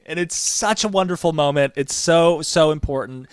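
A man's voice: on the high side, normal speed, smooth, no echo. A man co-hosting a casual wrestling chat, telling stories with enthusiasm as he counts down a list. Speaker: wrestling podcast co-host.

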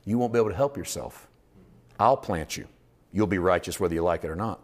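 Guy preaching at church, low voice, gets fired up and loud then drops back quiet. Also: brisk. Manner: impassioned, swings from low intimate to loud shouting. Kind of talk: sermon.

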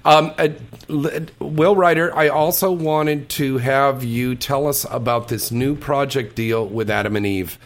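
A man's voice: mid-range voice, unhurried, hardly any pauses. A man hosting a casual radio chat, playful and teasing with his guests. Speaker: radio host.

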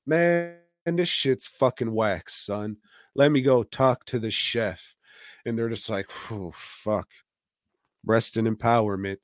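A man's voice: medium pitch, smooth, no room sound, clean studio sound. A man co-hosting a podcast, retelling a film in a rambling, profane way with lots of fillers. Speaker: podcast co-host. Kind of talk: casual comedic chat.

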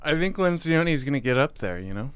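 A man co-hosting a podcast, relaxed and chatty, dropping dry one-liners. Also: mid-range voice, fast talker, clean tone, dry recording. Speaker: podcast co-host. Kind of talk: casual chat.

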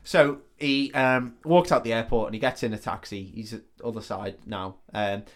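A man's voice: mid-range voice, normal speed. Sweary man recapping casually. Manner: sweary, laid-back retelling of a film plot. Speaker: podcast co-host. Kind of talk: casual storytelling chat.

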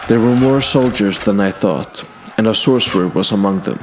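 A man telling a fantasy adventure in character, recounting past deeds to a king in a measured, earnest first-person way. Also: fairly low pitch, background noise. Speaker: storyteller.

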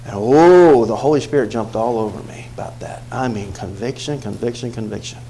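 A male pastor preaching a sermon, telling a personal story with dramatic swings from hushed tones to shouts. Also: medium pitch, a little fast, slight background noise, poor audio.

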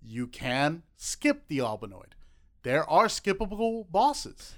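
A man's voice: fairly high pitch, huge pitch swings, slow, fairly bright tone. A man co-hosting a casual podcast, talking in a blunt, crude, joking way. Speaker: podcast co-host.

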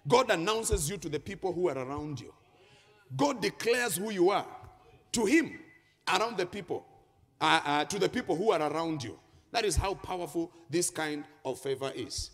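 A man preaches in a reverberant church hall, his high voice swooping through a wide, lively range. He reads scripture aloud and lifts key phrases into a chanting, sing-song delivery. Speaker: pastor. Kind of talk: sermon. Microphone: handheld microphone.

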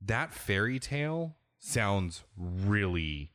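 A man's voice: lowish voice, big pitch swings, takes it slowly, a bit bright, no room sound, studio quality. A man hosting a podcast, candidly rambling through a casual game discussion and often restarting his sentences. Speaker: podcast host.

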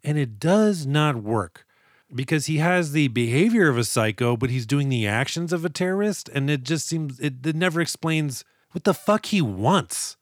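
A man's voice: a little high, lively intonation, moderate pace, dry recording, clean studio sound. A man co-hosting a movie podcast, chatting casually and sarcastically about a film's script, swearing freely. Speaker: podcast co-host. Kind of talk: casual movie-review chat.

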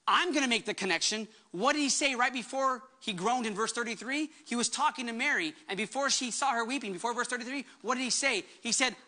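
A woman's voice: a little high, fast, few pauses, sharp tone. A woman pastor delivering a sermon with emphatic preaching, acting out the words she quotes.

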